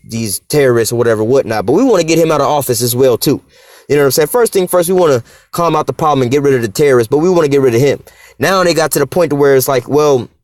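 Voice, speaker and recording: Fast-talking brash preacher man. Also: fairly high pitch, no echo, clean studio sound. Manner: brash, profane, rhetorical questions. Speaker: street preacher. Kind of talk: Bible teaching.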